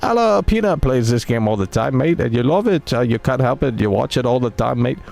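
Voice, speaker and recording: A man's voice: medium pitch, normal speed, darkish tone, close to an everyday voice. A male streamer putting on a cheeky mock-British bloke voice, tacking "mate" and "cheers" onto nearly every line in bouncy, teasing live-stream banter.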